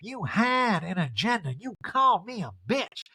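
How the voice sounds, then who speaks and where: A blunt, sarcastic socialite, as a man puts her on, with his voice lifted and each line jabbed out emphatically. It swings up and down lively, recorded dry and close. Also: sits high, moderate pace, breathy edge, no echo, pitched above the performer's own voice, full character voice. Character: blunt, sarcastic reality-TV woman.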